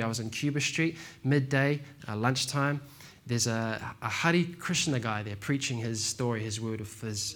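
A man preaching a sermon in a relaxed, slangy way, telling stories and calling listeners "man" and "bro". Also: medium pitch. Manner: laid-back, slangy, says "man" and "bro". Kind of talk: casual sermon with storytelling.

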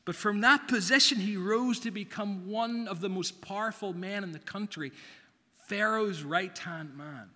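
A pastor preaching a sermon in a church, measured and deliberate, with long pauses for emphasis. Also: male voice, high voice, sharp tone. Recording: long reverb of a church hall.

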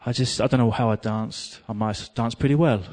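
Fairly quick and mid-range in pitch, this English-accented preacher shares a story from his own life. The telling is lively, self-mocking, and dotted with snatches of song.

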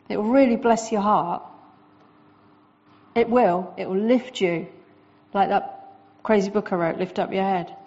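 A woman preaching a sermon in a lively, conversational way, with quick asides to the congregation. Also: medium pitch, highs cut off.

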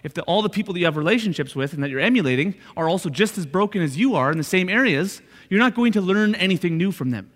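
A man with a notably high voice preaches in a church hall, and his words ring out with a long reverb. He keeps it conversational, circling back on his points and tossing in "right?" to check the room. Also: lively intonation, fast talker, hardly any pauses, a bit bright. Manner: conversational, repeats points with frequent "right?" asides. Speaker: pastor. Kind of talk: sermon.

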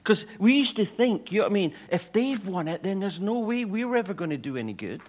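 A man preaching a sermon with a story, animated and swinging from loud to hushed. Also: high voice, a little fast.

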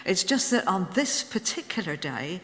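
A woman's voice: on the low side, big pitch swings, normal speed, big-room sound. A woman in her seventies preaching a sermon, telling a story with humorous asides. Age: 70s. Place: church.

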